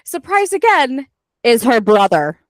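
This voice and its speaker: A woman's voice: fairly high pitch, sing-song, a little slow, no echo. A woman hosting a book club podcast, chatting casually with many fillers as she recaps a story and acts out character lines.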